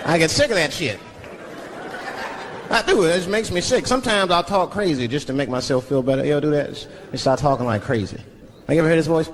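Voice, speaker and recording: A man from Washington, D.C. does stand-up comedy on stage before a large audience, talking fast in a slightly high, animated voice. He tells stories with many put-on voices, recorded live with background noise and loud crowd laughter.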